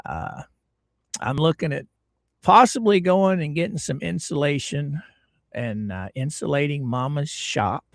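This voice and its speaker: A middle-aged man from Florida, hosting a casual livestream and greeting his viewers in a folksy, drawn-out way. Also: on the high side, creaky, dry recording, studio quality. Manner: folksy, drawn-out greetings, lively ups and downs. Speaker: livestream host.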